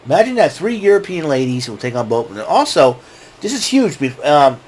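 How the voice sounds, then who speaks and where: A man hosting a casual wrestling recap, rambling and excitable, often restarting his sentences. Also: fairly high pitch, normal speed, husky. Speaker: show host.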